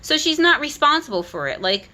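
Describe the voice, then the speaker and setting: A woman giving an animated, critical retelling of a children's book, talking casually with frequent restarts. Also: sits high, brisk. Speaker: content creator.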